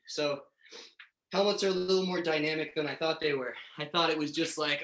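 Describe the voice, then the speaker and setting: A man's voice: a little high, fairly quick, a bit bright. Laid-back young man, echoey room. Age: young adult. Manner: laid-back, chatty, hesitant fillers. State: a little out of breath. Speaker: guest.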